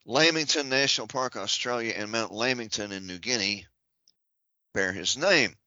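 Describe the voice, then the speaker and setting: A man's voice: fairly low pitch, moderate pace, bright, forceful tone, no echo, dull audio. A man on a podcast reading out a long list of titles and offices, breaking it up with dry joking asides. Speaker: podcast guest.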